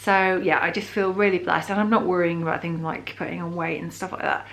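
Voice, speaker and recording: A woman's voice: fairly low pitch, fairly even intonation, brisk. A woman in her thirties from the UK, talking through a casual pregnancy update vlog in a rambling, chatty way with lots of fillers and restarts. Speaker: vlogger.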